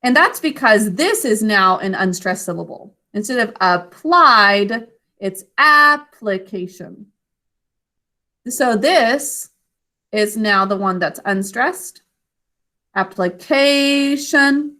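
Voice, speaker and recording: A woman teacher leading a spelling lesson for children, slowly and carefully sounding out syllables and giving encouraging praise. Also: medium pitch, lively intonation, a bit bright. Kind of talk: online literacy lesson for children.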